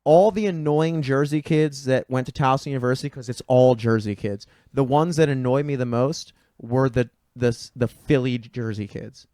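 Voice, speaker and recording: A man's voice: mid-range voice, moderate pace, few pauses, mellow, no room sound, studio quality. A man hosting a casual podcast chat, opinionated and profane. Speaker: podcast host.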